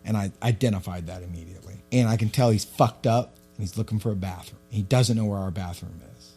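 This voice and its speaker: A man, co-hosting a podcast and telling a story in casual chat. He swears freely and gets loud and animated. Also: lowish voice, quick pace, breathy edge, faint music behind. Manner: profane, animated storyteller who shouts when quoting himself. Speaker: podcast co-host.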